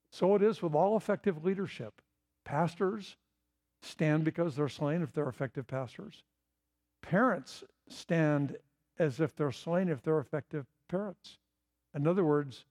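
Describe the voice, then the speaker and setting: A middle-aged man preaches a sermon earnestly and emphatically, repeating key phrases to drive his points home. His voice is on the high side and a little mellow.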